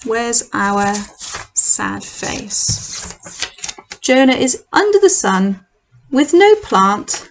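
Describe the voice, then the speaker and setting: A middle-aged woman leading a children's church session, telling a Bible story with props in an animated, expressive way. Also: on the high side, very slow, long pauses, a little hiss or hum, low-quality recording.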